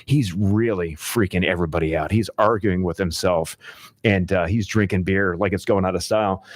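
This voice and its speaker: Harried bartender pleading for backup, as a man quotes him, low and dry. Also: normal speed, no room sound, natural voice. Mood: urgent. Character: harried male bartender in a busy restaurant.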